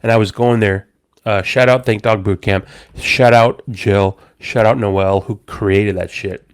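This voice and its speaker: A man's voice: lowish voice, unhurried, smooth. A man hosting a casual podcast chat with friends, telling a story with lots of swearing and acted-out quotes. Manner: animated storyteller, swears a lot, acts out quotes. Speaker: podcast host.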